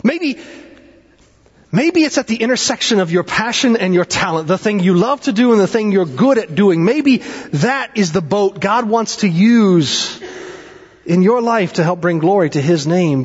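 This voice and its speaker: A male pastor preaching a sermon, with dramatic swings in pitch and pace and chatty asides. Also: expressive, measured pace, husky. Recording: dull sound with long hall reverb.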